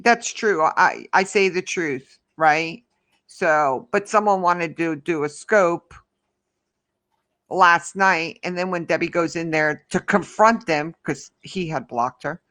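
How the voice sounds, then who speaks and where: A woman's voice: fairly low pitch, a bit bright. A woman hosting a casual livestream who answers her chat in a rambling, heated way. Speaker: livestream host.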